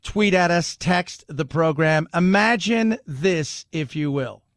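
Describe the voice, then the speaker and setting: A man's voice: on the high side, slow, a bit bright, no room sound, studio quality. A man hosting a talk radio show, riffing casually with wry, sarcastic asides and the odd laugh.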